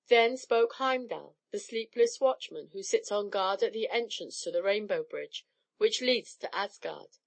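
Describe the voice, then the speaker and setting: A woman narrating an old myth as an audiobook, in an expressive storybook style. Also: medium pitch, unhurried, gravelly.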